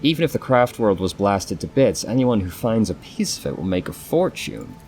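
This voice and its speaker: A man putting on a higher voice for a greedy woman scavenger who speaks in a hurried, conspiratorial way. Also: very animated, a little mellow, slight background noise. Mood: eager.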